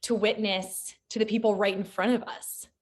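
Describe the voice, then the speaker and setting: A woman's voice: medium pitch, flat delivery, moderate pace. A woman interviewer in a chatty conversation, affirming her guest and talking about motherhood.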